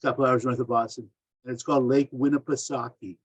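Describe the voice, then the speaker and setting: A man in a language class talking calmly and conversationally over a video call. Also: mid-range voice, fast, breathy edge.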